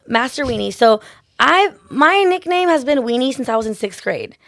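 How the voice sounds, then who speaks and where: A woman's voice: high voice, expressive, vocal fry, fairly bright tone, dry recording. A woman nail artist telling stories in a casual chat, full of "like" and "literally". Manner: fast, chatty storyteller, lots of "like" and "literally".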